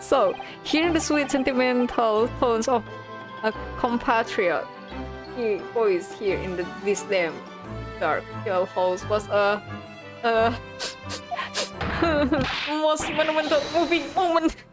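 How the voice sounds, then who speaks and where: A woman's voice: mid-range voice, slow pace, lightly acted. A woman voicing a paranoid, theatrical young male student poet who speaks in melodramatic, alliterative outbursts, over game music.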